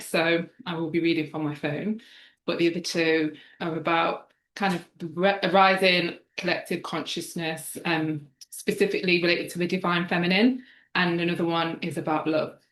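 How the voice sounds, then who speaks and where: A woman's voice: on the low side, a bit bright, echoey room. A woman poet at a live gathering, earnest and breathless, speaking and reading her poems aloud. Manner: earnest, breathless, says she is trembling with energy. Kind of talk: spoken-word poetry reading at live gathering.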